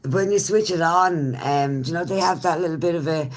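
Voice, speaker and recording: A woman's voice: fairly low pitch, brisk, few pauses. An Irish woman and smoker chatting casually with viewers on a live stream, laughing often as she talks. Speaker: livestreamer.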